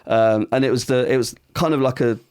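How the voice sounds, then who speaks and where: A man, a podcast guest telling lively anecdotes and acting out the people he quotes. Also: medium pitch, brisk, smooth, dry recording, studio quality. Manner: animated, acts out quoted voices, casual swearing. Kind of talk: casual anecdotal storytelling.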